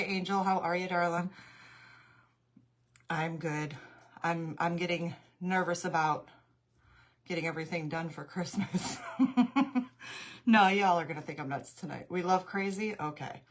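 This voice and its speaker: A woman's voice: on the low side, fairly bright tone. A middle-aged woman, hosting a casual craft livestream from home, greeting viewers by name and laughing often, a little out of breath. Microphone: tablet mic.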